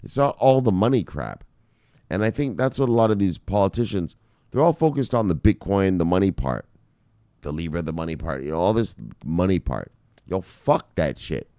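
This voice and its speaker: A man's voice: low-pitched, big pitch swings, moderate pace, mellow, clean tone, no echo, clean studio sound. A man hosting a crypto news vlog, ranting casually with lots of swearing and laughing asides. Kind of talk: casual profane news commentary.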